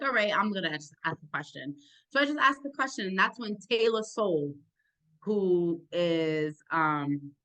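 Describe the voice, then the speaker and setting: A young woman with a low, deep voice and a thick accent talks about her work. She sounds eager, grateful and animated, and her speech rushes forward in bursts. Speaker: sports podcaster and journalist. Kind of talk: casual interview answers.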